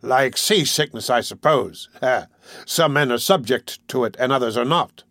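A man's voice: mid-range voice, animated, moderate pace, a bit bright, no room sound, studio quality. Man voicing a harsh, cynical sea captain. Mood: mocking. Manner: harsh, commanding, mocking.

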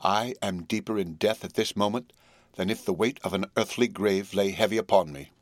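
A man reading the part of a devoted young wife, earnest and resolute, in a measured pleading tone. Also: on the low side, no echo, lightly acted. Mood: solemn. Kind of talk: audiobook character reading.

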